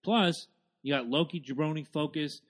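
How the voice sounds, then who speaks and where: A man co-hosting a podcast in casual, profane, excitable chat. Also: on the high side, normal speed. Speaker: podcast co-host.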